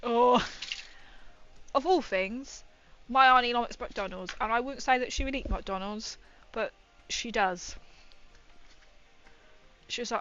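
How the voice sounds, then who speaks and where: A woman's voice: a little high, slow, long pauses, a bit bright, muffled recording, faint music behind. A young woman chatting casually on a livestream while building a model, rambling and often laughing.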